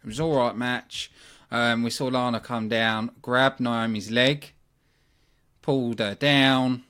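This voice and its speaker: A man's voice: mid-range voice, fairly even intonation, takes it slowly, a bit bright. A man with a British accent hosting a wrestling review show, talking casually and giving blunt opinions with frequent ums. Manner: chatty, opinionated, many ums and asides. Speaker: wrestling review podcast host.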